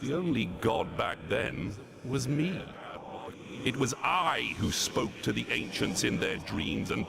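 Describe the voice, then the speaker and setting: A man's voice: medium pitch, full character voice. An actor playing Legion, a grandiose ancient male villain who mocks and gloats, voiced in a video game cutscene. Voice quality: gravelly, theatrical and mocking. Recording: game audio with loud background noise.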